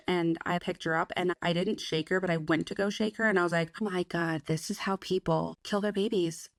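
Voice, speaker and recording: A woman's voice: lowish voice, no room sound. A young woman co-hosting a podcast, talking frankly and casually, swearing freely and acting out her own past thoughts. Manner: frank, swears freely, quotes herself in voices. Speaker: podcast co-host. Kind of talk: candid casual chat.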